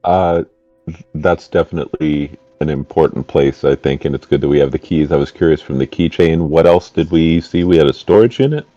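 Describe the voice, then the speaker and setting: A man playing a tabletop game, speaking in a measured, thoughtful way. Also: rumbling low, dark tone, no room sound, distant mic, lo-fi sound, soft background music. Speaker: player.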